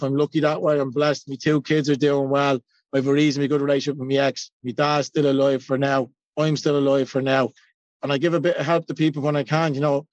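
A man's voice: a little high, no echo, muffled recording. An Irish man in his forties giving a blunt, self-mocking personal share at a recovery meeting, swearing freely. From Ireland. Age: 40s.

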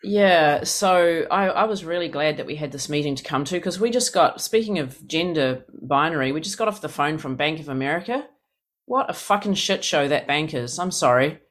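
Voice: mid-range voice, expressive, moderate pace, fairly bright tone. A person in their fifties from New Zealand with a New Zealand accent, tired and yawning, telling a story in a frank, exasperated way. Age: 50s. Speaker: speaker sharing at a recovery meeting. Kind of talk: personal sharing, casual storytelling.

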